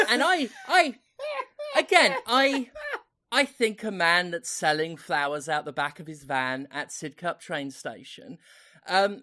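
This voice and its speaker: Woman, slightly low voice, rambling anecdotal podcast banter. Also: fairly bright tone. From United Kingdom. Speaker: podcast co-host. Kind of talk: casual chat.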